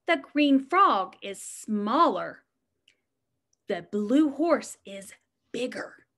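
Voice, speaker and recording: Slow, sing-song high-voiced woman teacher. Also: sing-song, sharp tone. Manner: sing-song and encouraging, asking children questions. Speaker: preschool teacher. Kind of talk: reading a picture book aloud to young children.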